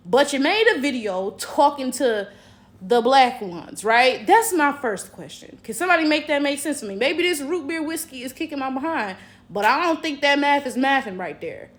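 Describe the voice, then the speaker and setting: A chatty American woman talks straight to her viewers in a casual reaction vlog. Her voice sits a touch high, and her delivery is sassy and conversational. She keeps tossing rhetorical questions back at the audience. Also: very animated, moderate pace. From United States. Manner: frequent rhetorical "right?" checks. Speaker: commentary vlogger.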